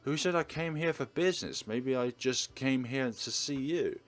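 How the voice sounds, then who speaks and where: A man's voice: medium pitch, normal speed, voice pushed up, natural voice. A man voicing an earnest young woman nurse who is loyal and a bit defensive, in a raised, eager voice. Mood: playful. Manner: raised, bright, eager delivery.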